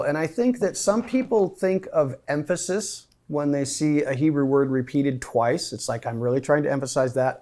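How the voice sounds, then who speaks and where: A man leads a Bible study in a meeting room, asking questions and thinking aloud with a group there in person and others joining online. His voice is medium-pitched and a little mellow.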